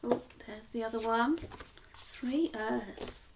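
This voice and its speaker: A woman teacher from Cornwall slowly sounding out words in a sing-song phonics lesson for young children. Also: a little high, gravelly, background noise. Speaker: primary school teacher.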